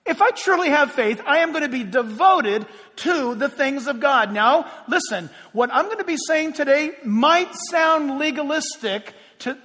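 A man's voice: very high voice, lively intonation, measured pace, hardly any pauses, bright, forceful tone, big-room sound. A pastor preaching a sermon to his congregation, talking directly and putting rhetorical questions to them.

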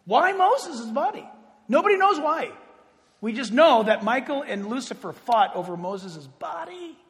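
A man pastor preaching a sermon, animated, swinging between loud exclaims and hushed asides. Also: very high voice, measured pace. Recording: reverberant hall.

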